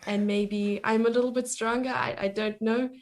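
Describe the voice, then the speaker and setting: A woman's voice: fairly high pitch, steady tone. Upbeat woman, chatty guest. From South Africa. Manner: chatty, upbeat, quick to laugh. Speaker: guest, chess coach and streamer. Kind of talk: casual interview chat.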